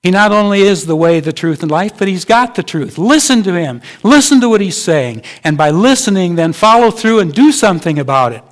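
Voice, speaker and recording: A man's voice: sits high, big pitch swings, fairly quick, few pauses. A male pastor preaching a sermon in a conversational way, asking his listeners rhetorical questions.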